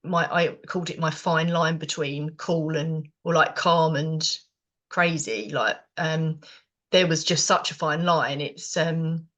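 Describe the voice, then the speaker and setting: A woman's voice: low voice, fairly even intonation, slow pace, fairly bright tone. Middle-aged British woman, rambling podcast co-host, lots of ums and restarts. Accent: British English. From Britain. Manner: rambling, many fillers and restarts. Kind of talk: casual chat.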